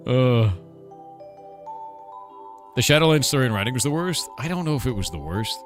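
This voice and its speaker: A man's voice: mid-range voice, expressive, normal speed, long pauses, soft background music. A man who is a game developer, chatting casually on a livestream Q&A, blunt and profane, with lots of filler words.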